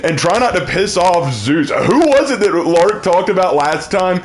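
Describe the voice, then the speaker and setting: A man's voice: sits high, very animated, measured pace. A man chatting casually on a gaming livestream, loose and jokey as he reacts to viewers.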